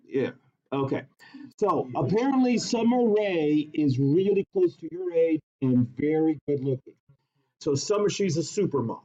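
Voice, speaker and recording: A male teacher giving a classroom lesson, teasing his students in a joking, animated way. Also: on the high side. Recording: dull lo-fi classroom recording.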